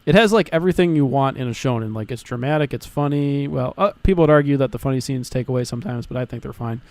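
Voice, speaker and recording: A young man co-hosting a podcast in casual chat, talking excitedly, swearing often and restarting his sentences. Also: mid-range voice, quick pace. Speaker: podcast co-host.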